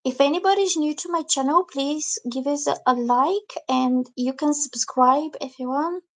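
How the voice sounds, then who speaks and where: A woman reads tarot on a live stream in a high voice at a moderate pace. She explains each card, chats with her viewers and reads their comments out, and her lively manner includes acting out quoted reactions.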